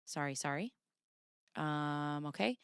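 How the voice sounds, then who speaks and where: A woman's voice: low-pitched, takes it slowly, smooth, dry recording, clean studio sound. A woman hosting a livestream, chatting with viewers and reading legal documents aloud, giggly and chatty. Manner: giggly, chatty, talks to chat. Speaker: livestream host.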